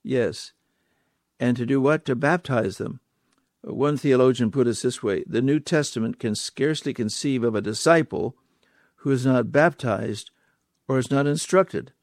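A man's voice: mid-range voice, measured pace, no room sound, clean studio sound. A man preaching a sermon, stressing points with repeated words and rhetorical questions.

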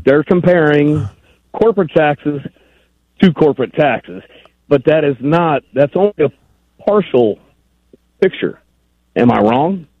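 Man, radio caller, gravelly voice, dull lo-fi phone sound, argumentative and rambling. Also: fairly high pitch, expressive, a little slow, pauses often, dry recording. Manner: rambling, argumentative, pressing the host. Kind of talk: phone-in call.

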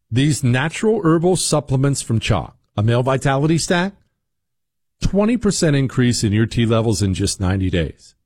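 A man's voice: mid-range voice, a little mellow, dry recording, studio quality. A man in his forties hosting a talk show, giving sarcastic, emphatic opinion commentary. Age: 40s.

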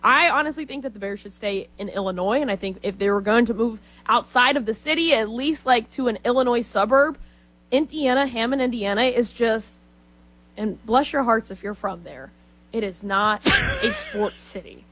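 A female co-host chats casually with animated, emphatic delivery. Her voice sits fairly high for a woman. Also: moderate pace. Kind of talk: casual talk show chat.

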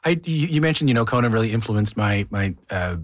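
A man's voice: on the low side, lively intonation, fairly quick, dry recording, clean studio sound. A man hosting a casual interview, eager and laughing often, tripping over his words. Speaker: interview host.

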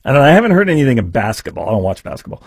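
A man's voice: medium pitch, sing-song, rapid-fire, breathy edge, dry recording. A man hosting a talk radio show, telling a rambling story full of fillers into a studio microphone. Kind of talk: casual talk radio monologue.

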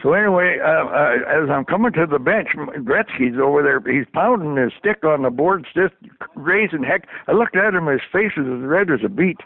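This older man's voice runs on the high side and is expressive, delivered at normal speed without room sound. He was once a hockey trainer and shares folksy stories, chuckling throughout an interview held over a dry, tinny phone line.

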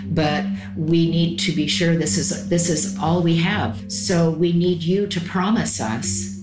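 Middle-aged mother, low voice, roomy sound. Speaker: interviewee, a mother. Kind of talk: interview recollection. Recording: roomy echoey recording.

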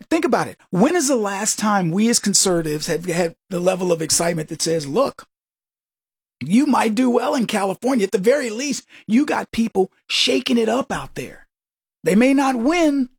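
A male talk radio host with a husky edge to his voice, speaking into a dry, close studio microphone. He delivers an animated, mocking monologue and slips into quoted voices along the way. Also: high voice, dry recording.

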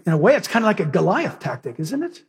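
A man preaching in an animated storytelling style. His voice is high, husky and swings widely in pitch. He brings each scene to life as he speaks. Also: quick pace. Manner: animated storytelling, acting out characters. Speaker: pastor. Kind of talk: sermon.

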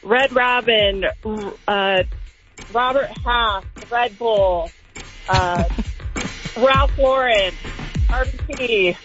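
A woman calling in to a radio game, steady and cheerful. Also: on the high side, very slow, long pauses, music in the background. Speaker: radio caller, game winner. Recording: muffled phone call on air.

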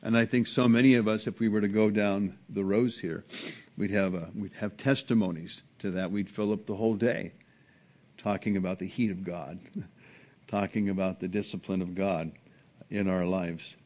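A man preaching an earnest sermon as a pastor, with sudden rises and drops in pitch and loudness. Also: steady tone, moderate pace. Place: church sanctuary.

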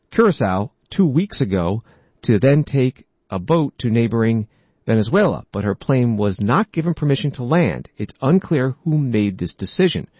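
A man hosting a news program, reading reports in a steady, measured scripted delivery. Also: on the low side, no room sound, dull audio. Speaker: news host.

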